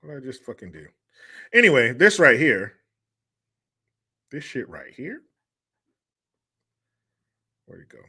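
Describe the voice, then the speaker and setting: A male live-stream host talking casually and rambling from topic to topic, swearing freely. His voice moves up and down a lot and has a bright edge. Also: mid-range voice, big pitch swings, measured pace, pauses often, husky. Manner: profane, rambling, joking. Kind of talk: casual live-stream talk, reading chat.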